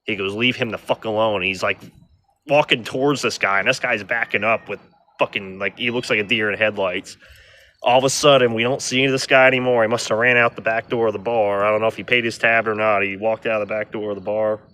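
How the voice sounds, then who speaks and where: Middle-aged man, lowish edgy voice, swears a lot, rambles through a casual story. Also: fairly even intonation, fairly quick, bright, forceful tone. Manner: rough, profane, rambling delivery. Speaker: vlogger telling a story.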